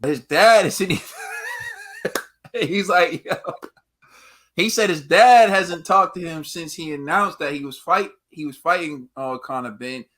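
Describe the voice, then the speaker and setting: A man hosts a casual podcast, his voice slightly high and bright. He stumbles through fillers before handing off to his co-hosts. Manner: halting, filler-heavy hand-offs. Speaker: podcast host.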